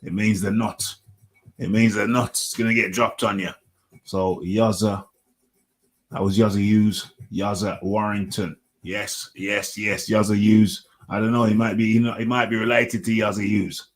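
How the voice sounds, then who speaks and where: A man's voice: lowish voice, level tone, normal speed. A middle-aged man, hosting a casual solo fight recap and rambling, repeating himself and chuckling. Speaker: host of a combat sports radio show.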